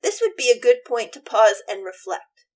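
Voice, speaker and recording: A woman's voice: fairly high pitch, big pitch swings, moderate pace. A woman teacher and podcast host retelling a play in a chatty, opinionated way and voicing all the characters herself. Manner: chatty, opinionated, plays every part. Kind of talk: casual literature lesson retelling.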